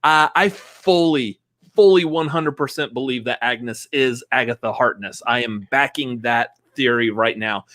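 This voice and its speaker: A man's voice: medium pitch, measured pace, a bit bright, no room sound. Casting: male co-host, rambling theorist, dry close sound. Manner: rambling theorizing with restarts and laughs. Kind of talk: casual review chat.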